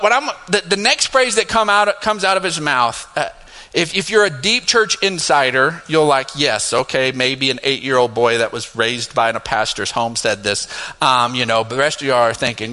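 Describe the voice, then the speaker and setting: Middle-aged male pastor, high bright voice, animated storytelling sermon, long hall reverb. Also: normal speed. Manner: animated, laughing asides, rising to emphatic highs. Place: church sanctuary.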